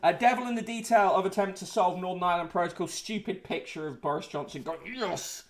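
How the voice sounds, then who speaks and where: A man's voice: high voice, a little fast. A man hosting a casual livestream, reading out newspaper headlines and chat comments with sardonic asides, swearing and frequent fillers. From United Kingdom.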